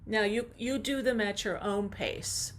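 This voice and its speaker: Slow-talking woman voice coach. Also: medium pitch, steady tone, a little hiss or hum. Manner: slow, encouraging coaching with sung demonstrations. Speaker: voice teacher. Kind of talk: online vocal warm-up lesson. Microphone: video call.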